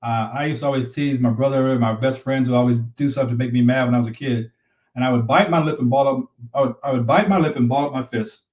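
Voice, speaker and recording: A man's voice: medium pitch, fairly even intonation, fast, a little mellow, recorded from a distance. Earnest man coaching couples, roomy sound. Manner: earnest, repeats himself, advice-giving. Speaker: relationship coach and co-host. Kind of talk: live-stream chat.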